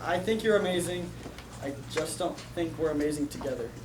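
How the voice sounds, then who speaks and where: A teenage boy acting an awkward young man on a date, halting and unsure, in a live school comedy. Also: on the high side, noisy background, natural voice. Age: teens. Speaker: student actor. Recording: echoey school hall from far off, music.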